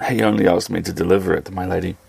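A man's voice: low voice, steady tone, fast talker, gravelly, darkish tone, slightly rough, no room sound, exaggerated voice. A man voicing a courteous, cultured male ambassador who speaks with polished politeness in an audio story. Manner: slight cultured accent, polite and gallant. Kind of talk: audio fiction dialogue.

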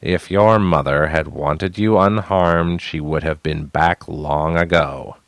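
A man's voice: low voice, quick pace, no room sound. A man doing a cold menacing ship officer. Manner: cold, steady, accusing.

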